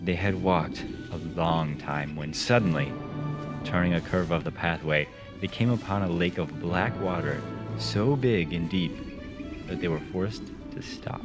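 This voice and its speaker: A man's voice: low voice, wildly swooping pitch, a little slow, over music. A man reading a children's storybook aloud and breaking off with wry, playful jokes about the text.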